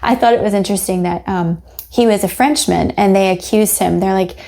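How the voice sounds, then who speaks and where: A woman co-hosting a book podcast, talking casually and acting out scenes with lively shifts in her voice. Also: a little fast, creaky. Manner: animated, acts out quotes with rising pitch and laughs. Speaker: podcast co-host.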